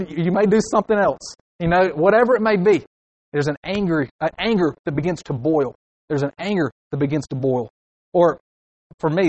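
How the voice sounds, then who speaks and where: A man's voice: a little high, a little mellow, low-quality recording. A young man preaching a sermon, acting out short angry inner voices to make his points.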